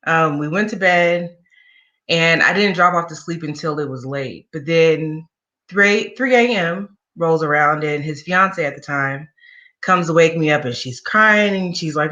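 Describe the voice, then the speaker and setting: Bright-toned woman telling a candid story. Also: lowish voice, normal speed, dull audio. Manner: candid, conversational, wry asides. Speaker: guest sharing a personal story. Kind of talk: personal storytelling in an interview.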